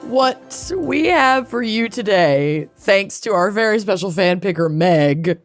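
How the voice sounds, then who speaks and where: A woman's voice: medium pitch, lively intonation, faint music behind. A woman co-hosting a podcast, chatting casually in a giggly, playful way. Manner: giggly and playful, slow drawn-out delivery. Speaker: podcast co-host. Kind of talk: casual chat.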